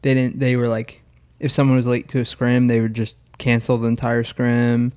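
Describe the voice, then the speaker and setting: A man's voice: mid-range voice, completely flat delivery, moderate pace, a little mellow, smooth. A man co-hosting a podcast in casual chat, rambling with many fillers and restarts. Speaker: podcast co-host.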